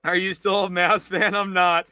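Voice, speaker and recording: A young man hosting a sports livestream, reacting in an exasperated rant that swings between loud outbursts and low mutters. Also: little pitch movement, normal speed, clean tone, dry recording, soft background music. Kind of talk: live reaction commentary.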